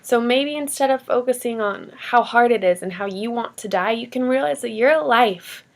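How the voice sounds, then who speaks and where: A woman's voice: a little high, normal speed, gravelly. A young woman vlogger giving heartfelt, rambling encouragement in an earnest manner. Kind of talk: heartfelt motivational vlog talk.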